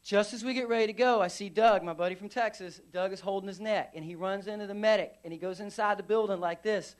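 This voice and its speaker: Animated man telling a story on stage. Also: high voice, fast. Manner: animated, acts out scenes with sound effects. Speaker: veteran speaker. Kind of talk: live storytelling speech. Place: conference stage.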